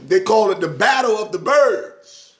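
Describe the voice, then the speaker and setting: Talking sports on a casual live stream, a middle-aged man from New York teases his audience in an animated way and breaks into preacher-like exhortation. His voice is high-pitched and his pace measured.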